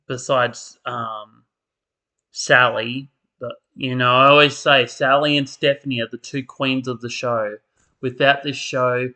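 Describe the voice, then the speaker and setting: Tired, ranting man with a bright voice. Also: medium pitch. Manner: tired, exasperated, mocking impressions. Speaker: soap opera commentator. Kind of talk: casual ranting commentary.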